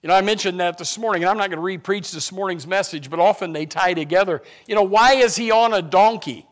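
High-pitched guy preaching, goes from quiet to real loud and fired up, lots of stops and restarts. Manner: swings from quiet asides to loud impassioned preaching; halting restarts and repeated words. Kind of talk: sermon.

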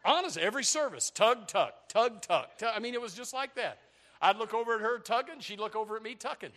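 Animated high-voiced older preacher. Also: male voice, a little fast. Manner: animated preaching with humor and shouts. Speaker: pastor. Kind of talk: sermon.

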